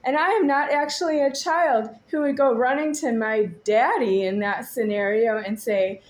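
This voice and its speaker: A woman's voice: on the high side, moderate pace. A woman in her forties talking to a camera at home in a rambling, agitated monologue. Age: 40s. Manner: rambling, agitated, at times shouting. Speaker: vlogger. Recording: echoey room.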